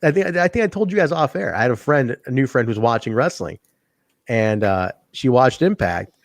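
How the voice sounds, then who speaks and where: A man's voice: medium pitch, expressive, normal speed, gravelly, dry recording, studio quality. A man co-hosting a wrestling podcast in casual chat, swearing freely, rambling and laughing often. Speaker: podcast co-host.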